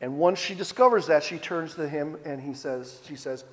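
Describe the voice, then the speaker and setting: A man giving a sermon, retelling a scripture story in a relaxed, conversational way. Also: fairly high pitch, normal speed, hardly any pauses, long reverb tail. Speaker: preacher.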